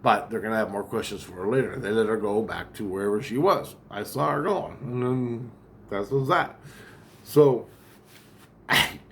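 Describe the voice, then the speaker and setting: A man's voice: fairly low pitch, normal speed, a bit bright, slight background noise. A man talking in a casual vlog monologue, rambling, agitated and heavily profane.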